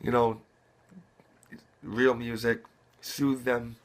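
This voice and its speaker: A man's voice: medium pitch, flat delivery, drawn-out words. A young man giving earnest fatherly advice in casual talk to camera, repeating himself and restarting often. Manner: earnest, repetitive, many restarts.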